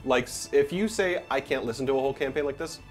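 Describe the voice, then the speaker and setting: A man's voice: medium pitch, quick pace, faint music behind. Man, earnest, reassuring, speaking to viewers, lapel mic, small room. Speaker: stream co-host. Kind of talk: casual stream chat. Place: small indoor stream room with cloth hanging from the ceiling.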